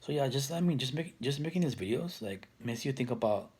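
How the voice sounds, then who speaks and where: A man's voice: mid-range voice, lively intonation, brisk, a little mellow, slightly rough. A man in his thirties talking to camera for his own video channel, rambling with many restarts and fillers. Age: 30s. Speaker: vlogger. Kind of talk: casual talk to camera.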